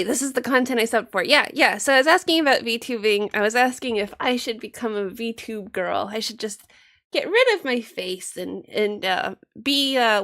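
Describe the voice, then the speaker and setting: A woman's voice: medium pitch, fairly bright tone. A woman streaming a game with casual chat, playful, giggly and self-mocking.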